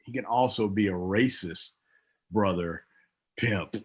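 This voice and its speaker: A man's voice: slow, breathy edge. A middle-aged former wrestler, a man, telling stories in a casual interview, acting out other people's lines with big jumps in his voice. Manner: animated storyteller, acts out quotes with big pitch jumps. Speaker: guest, former pro wrestler.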